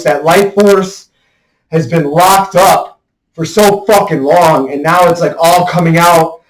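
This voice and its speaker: A man's voice: a little high, measured pace. A man in a raw emotional monologue, swearing heavily and venting his frustration in bursts. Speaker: self-expression video maker. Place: room indoors. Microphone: headphones with mic. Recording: roomy echoey room.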